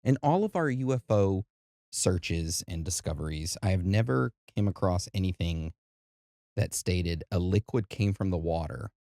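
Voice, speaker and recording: A man's voice: sits low, expressive, moderate pace, warm tone, dry recording, clean studio sound. A man co-hosting a podcast, talking in a laid-back, conversational way as he leads each segment. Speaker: podcast co-host. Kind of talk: casual chat.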